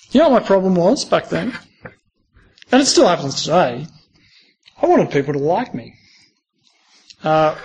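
A man preaching to university students in a conversational, personal way, often asking them questions. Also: high voice. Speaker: speaker at a university Christian group. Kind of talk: sermon.

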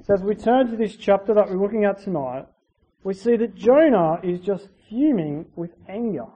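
A preacher giving a conversational sermon, using asides and rhetorical tag questions and swinging between loud emphasis and quiet, dropped phrase endings. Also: medium pitch, expressive, moderate pace, slightly rough. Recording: dull lo-fi recording with faint hiss.

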